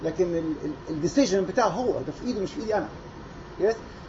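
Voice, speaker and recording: A man's voice: high voice, lively intonation, rapid-fire. Man coaching a choir. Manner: mixes English with Arabic, coaching and demonstrating by singing. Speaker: choir conductor. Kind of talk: choir rehearsal instruction. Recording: lo-fi with noise behind.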